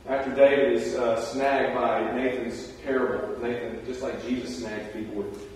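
A man's voice: mid-range voice, moderate pace. Man preaching in a roomy hall. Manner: conversational storytelling, animated asides. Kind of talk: sermon. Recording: roomy hall, distant mic.

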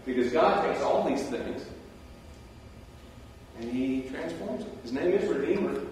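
A man giving a sermon, telling the story in a conversational way with animated asides. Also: on the high side, measured pace, long pauses, slight background noise. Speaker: preacher. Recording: roomy hall, distant mic.

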